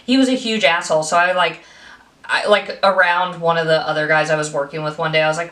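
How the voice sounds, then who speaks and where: A young woman co-hosting a casual movie review podcast, telling stories in a profane, animated way. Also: low-pitched, fairly quick, echoey room. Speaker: podcast co-host.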